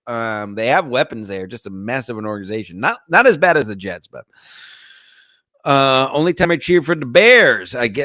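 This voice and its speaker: A man's voice: medium pitch, a bit bright, dry recording, studio quality. A man hosting a sports podcast livestream, reading the chat aloud and bantering crudely in a rambling, joking way.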